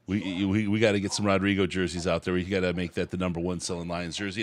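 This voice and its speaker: A man's voice: deep voice, level tone, quick pace, few pauses. A middle-aged man hosting a casual sports podcast, chatty and laughing often. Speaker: podcast host.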